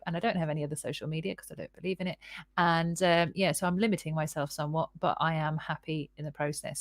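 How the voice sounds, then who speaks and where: A woman hosting a podcast, chatting casually and telling personal stories with animated quoted dialogue over a remote call. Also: low-pitched, dry recording, clean studio sound. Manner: animated, acts out past conversations in quoted voices. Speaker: podcast host. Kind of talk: casual conversational storytelling.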